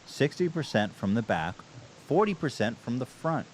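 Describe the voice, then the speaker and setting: Expressive storytelling podcast man. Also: medium pitch, normal speed, a little hiss or hum, poor audio. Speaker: podcast co-host. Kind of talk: casual podcast banter.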